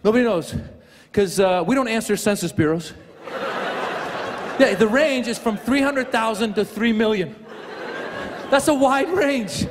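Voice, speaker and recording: A man performing a stand-up comedy set in a large theater, animated and playful, slipping into voices as he tells his jokes. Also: high voice, a little slow, pauses often, in a large hall, background noise. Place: large theater with a live audience. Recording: live stage recording with loud audience.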